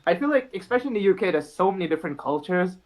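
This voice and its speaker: A man's voice: high-pitched, animated, racing, poor audio. A man guest on a casual podcast, easygoing and laughing along, often hedging his opinions.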